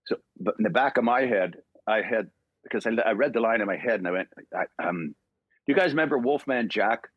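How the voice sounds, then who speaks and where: An older man from Ontario, Canada, guesting on an interview show and telling stories with lively acted-out dialogue and frequent laughs. His voice is lowish and husky. The sound is dry and close. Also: fast talker, no echo, lo-fi sound. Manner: animated, acts out dialogue, laughs often. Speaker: guest voice actor. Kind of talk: podcast interview storytelling.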